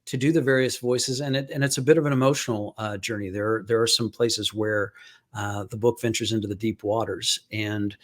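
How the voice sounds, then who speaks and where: A man's voice: lowish voice, fairly even intonation, fairly quick. A man who is a business coach and author speaks as a podcast guest in a thoughtful, reflective way. He is a professional speaker. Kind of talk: casual podcast chat.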